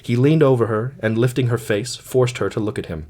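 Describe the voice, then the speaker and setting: Brief: male audiobook narrator, measured dramatic reading, mid pitch. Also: darkish tone. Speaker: audiobook reader. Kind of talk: audiobook narration of a classic story.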